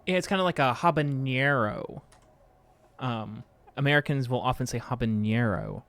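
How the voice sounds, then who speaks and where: A man's voice: medium pitch, lively intonation, normal speed, fairly bright tone. A man hosting a casual live stream, rambling with lots of fillers and joking about how words get pronounced. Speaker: podcast host streaming.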